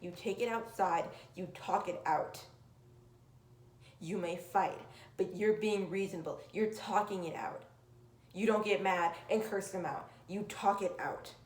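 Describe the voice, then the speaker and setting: A woman giving an earnest, emphatic motivational talk that swings from loud urging to soft, near-whispered lines. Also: medium pitch, measured pace, roomy sound. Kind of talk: motivational monologue.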